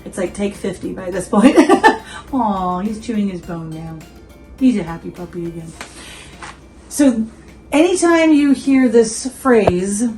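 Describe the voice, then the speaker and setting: A woman's voice: mid-range voice, expressive, unhurried, a little mellow, faint music behind, low-quality recording. Chatty, giggly woman hosting a coffee vlog. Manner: chatty and giggly, quizzes viewers, asides to her dog. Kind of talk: casual coffee-review vlog chat. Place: home.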